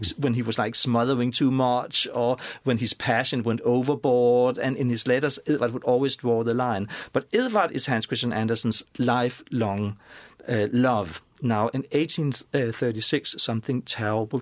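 A man, a scholar and author, explaining at length in a lively, storytelling way, with many restarts and asides. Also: medium pitch, dry recording. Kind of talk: conversational expert explanation.

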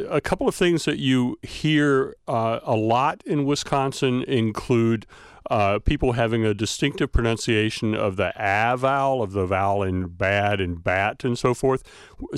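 A male linguistics professor from the American South with a light Southern accent, explaining things thoughtfully with many pauses. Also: mid-range voice, clear, resonant tone, no room sound, studio quality. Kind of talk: expert interview.

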